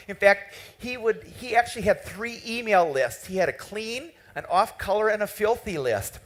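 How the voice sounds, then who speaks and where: A man giving a conference keynote in a hall, telling a story with lively quoted dialogue. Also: high-pitched, normal speed. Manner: animated, tells a story and quotes the people in it. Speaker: keynote speaker.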